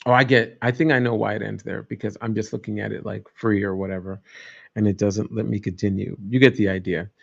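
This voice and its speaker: A man's voice: lowish voice, fairly even intonation, fairly quick, gravelly. A man hosting a casual livestream, rambling and joking as he chats with viewers. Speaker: livestream host. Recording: dull lo-fi stream audio.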